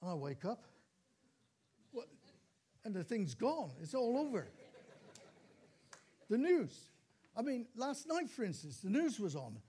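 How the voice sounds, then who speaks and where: High-voiced preacher man, storytelling sermon. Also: sing-song, a little slow, long pauses, mellow, husky. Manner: storytelling with dramatic repeats and exclamations of praise.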